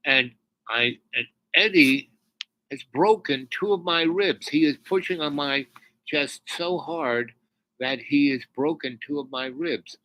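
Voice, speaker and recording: A man telling a personal spiritual story in a rambling, halting way, with many restarts, dropping to near whispers when moved. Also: a little high, sharp tone, no room sound, rough recording. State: tearful near the end.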